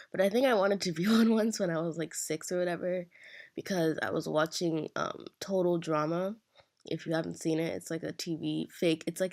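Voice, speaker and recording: A teenage girl hosting a casual build commentary, her voice hoarse from just waking up, rambling along in a chatty, self-deprecating way. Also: fairly low pitch. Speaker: Sims builder channel host.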